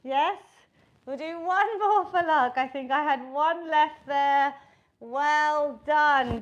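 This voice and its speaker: A woman's voice: sits high, fairly bright tone. A woman leading a live online workout class, encouraging her group and counting the reps aloud. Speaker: fitness instructor.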